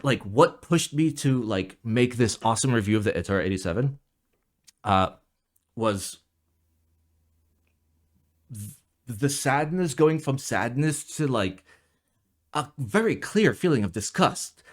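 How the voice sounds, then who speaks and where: A man's voice: medium pitch, expressive, slow pace, long pauses. Rambling, profane young male vlogger. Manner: profane, rambling, swings from muttering to loud outbursts. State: jet lagged. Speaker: keyboard reviewer. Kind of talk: casual ranting vlog.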